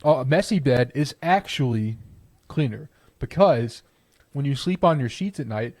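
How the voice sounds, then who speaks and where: A man's voice: medium pitch, expressive, a little slow, a little mellow, no echo. A young man co-hosting a podcast, chatting casually and arguing his opinions with playful confidence. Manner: opinionated, playful, trails off in restarts. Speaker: podcast co-host. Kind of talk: casual chat.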